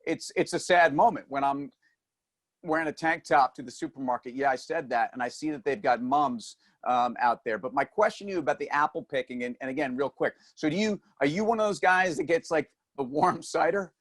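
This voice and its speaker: A man's voice: a little high, a little fast, fairly bright tone. A man co-hosting a finance show, teasing his partner in casual, wisecracking banter. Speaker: co-host.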